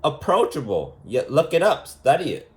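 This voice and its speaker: A man's voice: fairly high pitch, sing-song, normal speed, a little mellow. A man giving a casual, unscripted monologue lesson as a vlogger, rambling and emphatic, repeating himself and asking rhetorical questions.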